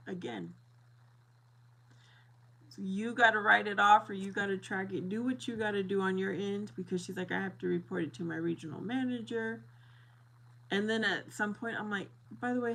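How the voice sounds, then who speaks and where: A middle-aged woman chats casually with her viewers, telling a story with lively, animated delivery and frequent laughter. She plays out both sides of the exchange herself. Her voice is bright and forward, at an ordinary middle pitch. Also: rough recording. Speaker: streamer chatting with viewers.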